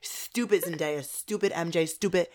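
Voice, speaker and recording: A woman's voice: fairly low pitch, lively intonation, fairly quick. A young woman co-hosting a podcast, ranting with exaggerated mock outrage in unfiltered casual chat. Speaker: podcast co-host.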